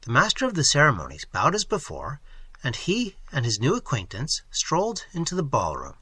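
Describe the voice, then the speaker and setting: A man reading an audiobook with expressive, measured storytelling. His pitch swings widely as he moves through the scene, and his bright voice has a faintly husky edge. The recording is close and dry. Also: no room sound. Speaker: audiobook reader. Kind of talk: audiobook narration.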